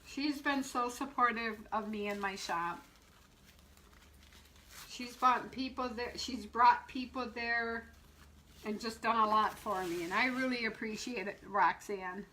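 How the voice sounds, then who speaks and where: A woman's voice: a little high, a little slow, bright, forceful tone, slight background noise, low-quality recording. A middle-aged woman and shop owner demonstrating wreath making on a live stream, chatting, laughing and greeting viewers by name as she works.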